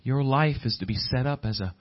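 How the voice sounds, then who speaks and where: A man preaches a sermon in a medium-pitched voice at a slightly fast pace, with the highs cut off. He keeps restarting his words repetitively as his fervor rises.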